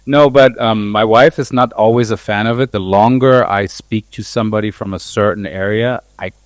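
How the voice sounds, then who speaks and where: Guest role: German-born man, talkative and relaxed, low pitch, dry close sound. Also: moderate pace, no room sound. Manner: chatty, frequent restarts and fillers. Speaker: guest, DJ and radio host. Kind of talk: conversational interview.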